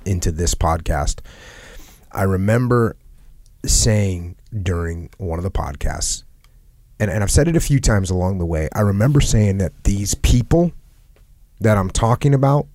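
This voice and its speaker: A man's voice: low-pitched, normal speed, mellow, no room sound, studio quality. A man hosting a podcast, talking earnestly in a reflective conversation and repeating phrases for emphasis. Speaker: podcast host. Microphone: headset.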